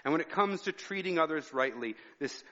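A man's voice: fairly high pitch, lively intonation, fairly quick, a bit bright. A male pastor giving a conversational sermon, weaving personal stories into his teaching. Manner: conversational preaching with personal anecdotes. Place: church sanctuary. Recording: reverberant hall, dull sound.

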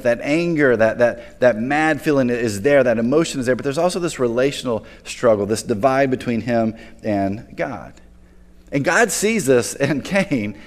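Male pastor, mid-pitched, casual preaching style, stumbles and repeats words, long hall echo. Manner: casual and conversational, repeats words when restarting. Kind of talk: sermon.

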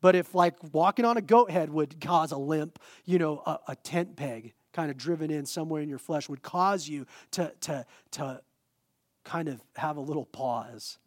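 A male pastor preaching a sermon in a lively, conversational way with self-deprecating humor. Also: a little high, normal speed, no room sound, clean studio sound.

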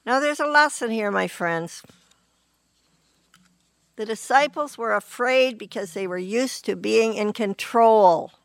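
Woman, sermon, earnest, clears throat often, very slow delivery, slightly high voice. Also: no room sound. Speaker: preacher.

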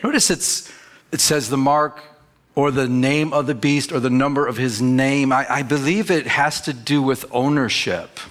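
Male pastor, sermon, conversational, quizzes the congregation, mid-pitched voice. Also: fairly even intonation, normal speed, a bit bright. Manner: conversational, asks the audience questions.

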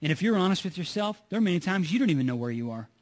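A man's voice: high voice, big pitch swings, very fast. A man preaching a sermon as pastor, earnest and repetitive, asking his listeners rhetorical questions.

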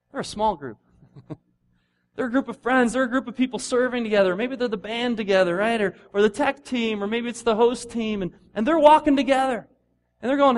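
High-voiced man preaching conversationally. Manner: conversational, animated, acts out voices of runners. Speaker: pastor. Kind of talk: sermon.

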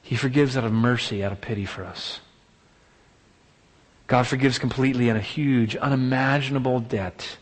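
A man's voice: mid-range voice, fairly even intonation, moderate pace. Emphatic male preacher in a reverberant hall. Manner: emphatic rhetorical exclamations and repetition. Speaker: pastor. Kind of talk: sermon.

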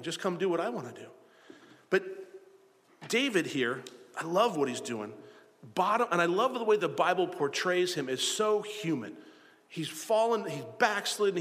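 This South Florida pastor preaches a sermon in an earnest, plain-spoken way, often repeating phrases and acting out the voices he quotes. His voice sits on the high side and has a fairly bright tone. Hall reverb surrounds the recording.

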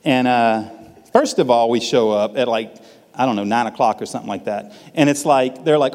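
A man's voice: medium pitch, a little fast, a little mellow, big-room sound. A man giving a personal testimony at church, telling a story in a folksy, self-deprecating way.

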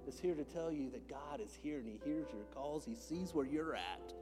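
A man preaching a sermon as a pastor in a church, moving between hushed whispers and loud, impassioned calls. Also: on the high side, expressive, normal speed, over music. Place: church sanctuary.

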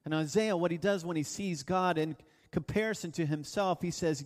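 A man with a high voice preaches an earnest sermon, leaning hard on key words and stretching them out. His voice rings through a church hall with a long, lingering reverb. He speaks as the pastor addressing his congregation. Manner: earnest, emphatic preaching with slow drawn-out stresses.

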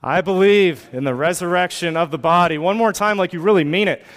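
A man's voice: sits high, brisk, fairly bright tone. A male pastor preaching a sermon, reading scripture and building to fervent exhortation with repeated rhetorical questions.

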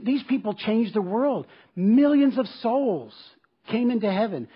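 A man's voice: high voice, husky, lo-fi sound. A man preaching a sermon as pastor, telling a personal story in an earnest, emphatic way and returning to a repeated refrain. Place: church service.

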